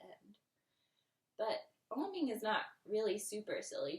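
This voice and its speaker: Slow, gentle woman teaching kids yoga. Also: mid-range voice, sing-song, far from the mic. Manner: gentle, encouraging, playful; drops to whispers. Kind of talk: guided kids' yoga lesson. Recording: echoey room, voice from the mic.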